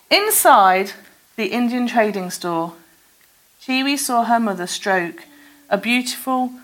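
A woman reading a children's story aloud in a gentle, soft-spoken way, giving the characters their own lines. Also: medium pitch.

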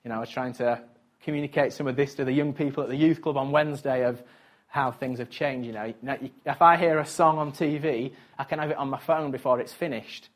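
A man's voice: mid-range voice, fairly even intonation, fairly quick. A man preaching a casual, conversational sermon, chatty and self-mocking, with frequent asides to his listeners.

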